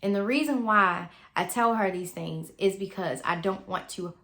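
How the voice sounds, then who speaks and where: A woman's voice: medium pitch, moderate pace, fairly bright tone. A mother talking earnestly in a loose, conversational monologue, sharing advice. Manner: earnest, conversational, speaks in loose repeating phrases.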